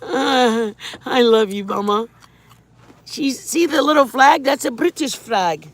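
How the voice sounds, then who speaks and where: A woman's voice: sits high, takes it slowly, no echo. A middle-aged woman hosting a casual livestream, rambling through a story and greeting viewers by name. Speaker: livestream host.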